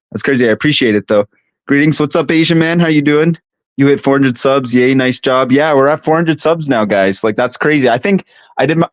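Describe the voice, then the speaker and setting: A man's voice: mid-range voice, dry recording. A young man, stuffy from allergies, chatting casually and profanely on a live stream and reading chat aloud. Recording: dry, slightly dull home recording.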